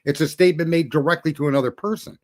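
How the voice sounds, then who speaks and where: A man's voice: on the high side, steady tone, racing, no room sound, studio quality. A man on a discussion panel, talking emphatically and posing rhetorical questions.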